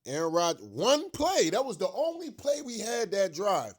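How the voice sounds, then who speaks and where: His husky, high-pitched voice swings hugely in pitch while keeping a normal pace. A sports rant vlogger on his own show, he's upset and frustrated, ranting like a riled-up fan with profanity, slang, repetition and laughs of disbelief.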